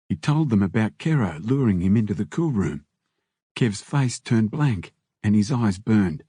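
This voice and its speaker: A man reading an audiobook in steady scripted narration on a close mic. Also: fairly low pitch, normal speed, breathy edge, no room sound.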